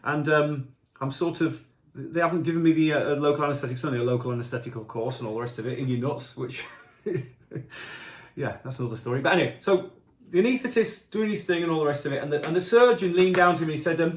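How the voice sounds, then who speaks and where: A man's voice: on the high side, fast. Chatty man, echoey kitchen. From Yorkshire, England. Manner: chatty, self-deprecating, animated when telling stories. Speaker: musician answering fan questions. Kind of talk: casual anecdotal storytelling. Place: home kitchen.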